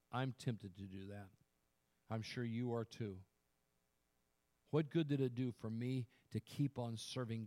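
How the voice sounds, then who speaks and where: A man preaching a sermon, who swells loud to stress a point, then drops quiet and earnest, and often restarts words as he presses on. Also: medium pitch. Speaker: pastor.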